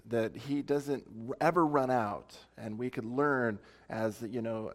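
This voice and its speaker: With a medium-pitched male voice, this pastor delivers a relaxed, conversational sermon. He chats his way through it, musing aloud and poking fun at himself now and then.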